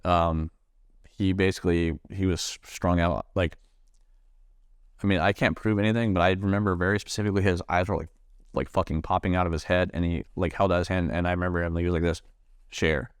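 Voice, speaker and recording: A man from Nebraska, a Marine veteran, telling his own story in an interview, halting with many fillers and restarts and swearing freely. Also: sits low, fairly even intonation, clear, resonant tone, dry recording, clean studio sound. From Nebraska, USA.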